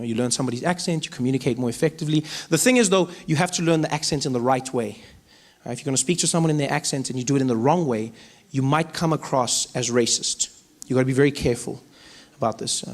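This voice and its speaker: High-voiced South African man doing stand-up. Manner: lively, playful. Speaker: stand-up comedian. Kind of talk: stand-up storytelling.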